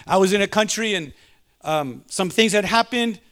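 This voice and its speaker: A man's voice: high-pitched, animated, a little slow, fairly bright tone, clear, resonant tone. A male pastor preaching a sermon and telling a personal story, fervent and calling out to the congregation. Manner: fervent, punctuates with call-outs to the congregation.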